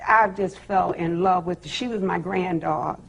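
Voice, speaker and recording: A woman's voice: lowish voice, measured pace, vocal fry. A middle-aged woman speaking up in a TV courtroom for her daughter, emphatic and quoting conversations word for word. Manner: emphatic, repeats quoted dialogue. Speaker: plaintiff's mother. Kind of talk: courtroom testimony.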